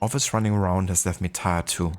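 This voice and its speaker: A man with a German accent voicing an earnest, determined young woman artist, reading game dialogue aloud in a steady, plain way. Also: low voice, fast, a little hiss or hum, close to an everyday voice.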